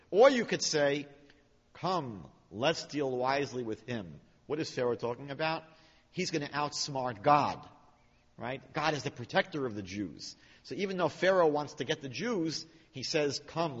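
A man teaching a Bible class, animated and questioning, quoting Hebrew phrases slowly. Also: on the high side, breathy edge. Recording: dull sound with long hall reverb.

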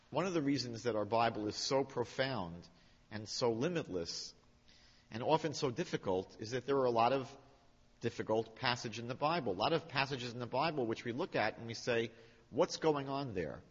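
A man teaching a Bible class, animated and questioning, quoting Hebrew phrases slowly. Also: medium pitch, husky. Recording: dull sound with long hall reverb.

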